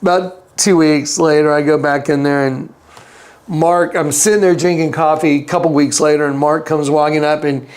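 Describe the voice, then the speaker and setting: As an interview guest, a man with a fairly high, somewhat dark voice tells a rambling story at a moderate pace and in a steady tone. He keeps restarting and drifting into asides, and he acts out other people's lines in a raised voice.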